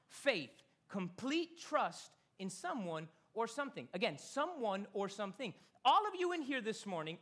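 A man preaches from the stage of a church, his voice bright and forward. He talks to the congregation casually, then slows right down to lean on the key phrases. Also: high-pitched. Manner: conversational, emphatic preaching with slowed key phrases. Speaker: pastor. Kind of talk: sermon. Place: church sanctuary.

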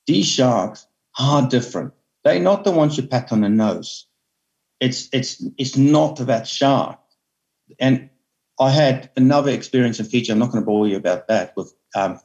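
A man telling an earnest, halting story as a guest spearfisherman, often repeating his words. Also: medium pitch, darkish tone, dull audio. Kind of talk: emotional storytelling.

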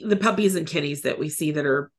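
A woman's voice: deep voice, fast. A woman co-hosting an educational podcast in casual chat, reading notes aloud with giggly asides. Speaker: podcast co-host.

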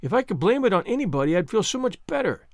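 Guy putting on an earnest wordy little girl, pitched up, very lively. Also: quick pace, no echo, clean studio sound. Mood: pleading. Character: imaginative dramatic girl, eleven-ish, earnest.

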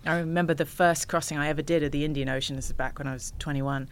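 Speaking fast in a low-pitched voice, this woman is an ocean rower guesting on a relaxed interview. She's animated, laughs a lot, and tells stories.

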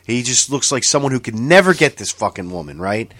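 Animated, profane man laughing through stories. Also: medium pitch, brisk, no room sound. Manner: incredulous, exclaiming outbursts. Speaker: podcast co-host. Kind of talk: casual chat.

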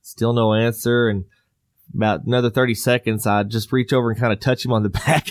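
A man's voice: medium pitch, steady tone, brisk, dry recording, studio quality. A middle-aged man hosts a podcast, telling a rambling story and laughing often. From Southwest US. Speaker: podcast host. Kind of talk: casual chat.

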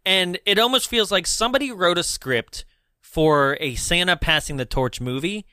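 A man co-hosting a casual podcast chat, quick and jokey, laughing often. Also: high-pitched, sharp tone, dry recording, studio quality. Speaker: podcast co-host.

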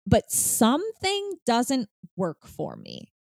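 A woman's voice: a little high, slow, gravelly, no room sound. Candid woman chatting about film, dry sound. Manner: candid, animated, swears, frequent fillers. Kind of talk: casual film discussion.

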